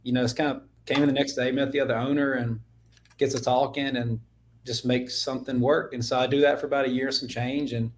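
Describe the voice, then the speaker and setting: A man's voice: mid-range voice, flat delivery, fast talker, slight background noise. A young man with a Southern US accent, a podcast guest telling his story in a laid-back way, full of "man" and "like". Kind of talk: casual interview chat.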